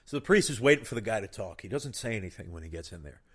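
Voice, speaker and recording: A man hosting a casual chat, telling crude jokes in an animated way and laughing at his own punchlines. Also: fairly low pitch, fast. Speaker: podcast host.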